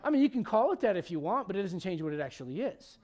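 A male pastor preaching a sermon, animated and conversational, with frequent restarts. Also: high voice, fast talker.

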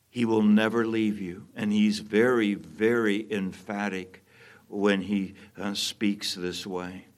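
Slow, low-voiced male preacher. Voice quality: emphatic, repeats phrases for stress. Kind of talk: sermon.

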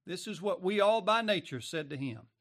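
A man preaching a sermon with dramatic delivery, acting out quoted voices and pausing often. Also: sits high, lively intonation, fairly bright tone, dry recording, studio quality.

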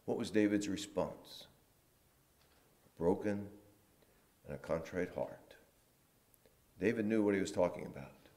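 A man preaching a sermon in a church, moving between loud emphatic lines and quiet, hushed ones. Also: low-pitched, lively intonation, unhurried, creaky, pauses often. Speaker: pastor.

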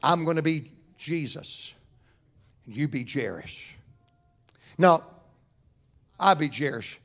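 Preacher, higher than usual male voice, fervent church sermon, loud cries dropping to near-whisper. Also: lively intonation, takes it slowly. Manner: fervent preaching with rising shouts and soft drops.

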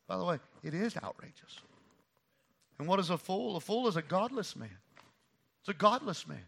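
Guy preaching, high voice, punchy and repeats himself, goes quiet then loud. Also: lively intonation, normal speed, vocal fry, pauses often, slightly rough. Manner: emphatic, repeats phrases for stress; swings between hushed and loud. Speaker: pastor. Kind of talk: sermon.

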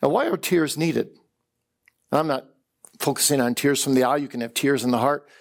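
A man's voice: medium pitch, moderate pace, creaky. A man preaching a chapel sermon, telling stories earnestly and sometimes repeating words as he builds. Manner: earnest storytelling, repeats words when excited. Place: chapel service.

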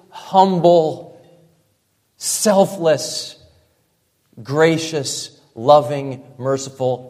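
A male pastor preaching a sermon, emphatic, dropping to a hush for effect and piling up repeated phrases. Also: medium pitch. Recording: long reverb from a large hall.

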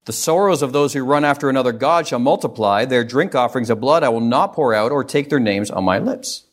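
A man's voice: medium pitch, brisk. A male pastor giving an earnest, emphatic sermon, reading scripture and stressing key phrases.

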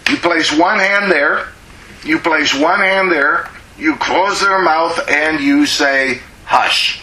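A man preaching a sermon as a pastor, slow and emphatic, drawing out words to press his points. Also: on the high side, bright, forceful tone, reverberant, poor audio.

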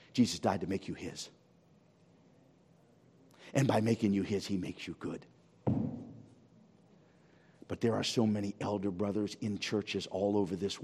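A male pastor preaching a sermon to his congregation, dramatic and full of rhetorical questions, swinging from near-shouting to hushed. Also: on the low side, slightly rough. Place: church. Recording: long reverb of a church hall.

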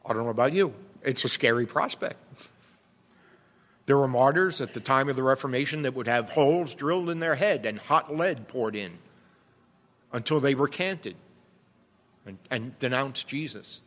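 Earnest preacher in a reverberant hall. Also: male voice, mid-range voice, lively intonation, normal speed, pauses often, a bit bright. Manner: earnest, emphatic preaching with rhetorical questions. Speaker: pastor. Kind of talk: sermon. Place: church sanctuary. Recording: long reverb of a church hall.

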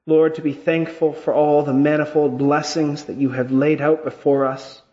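A man leading a church service as pastor, reading scripture and then praying in an earnest, measured way. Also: a little high, little pitch movement, dark tone, muffled recording.

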